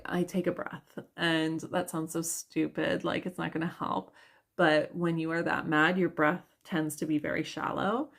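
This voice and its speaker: A woman's voice: deep voice, gravelly. A young woman and mother chatting candidly in a vlog, laughing often and using lots of fillers. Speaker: yoga vlogger and mother. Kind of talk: casual confessional vlog talk.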